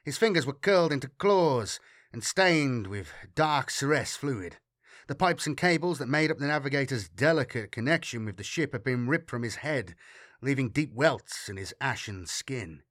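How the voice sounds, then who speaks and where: An audiobook narrator reads scripted sci-fi narration in a steady, dramatic storytelling manner. His mid-range voice moves at a moderate pace, captured as clean studio sound with no room sound.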